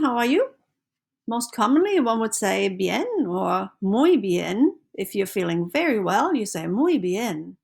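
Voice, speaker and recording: A woman's voice: mid-range voice, vocal fry. A woman teaching a beginner's language lesson, patient and encouraging, repeating phrases for the listener to practice.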